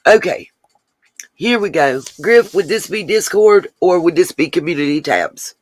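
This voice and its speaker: A woman with a lowish, expressive voice and a darkish tone hosts an easygoing livestream, with no echo in the recording. She chats to her viewers directly, answers comments as they land, and wanders into extended asides.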